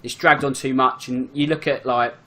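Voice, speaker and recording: A man chatting casually on a football podcast as a fan and season ticket holder, in a quick, chatty way full of fillers. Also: medium pitch, fairly even intonation, pushed and bright. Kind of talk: casual chat.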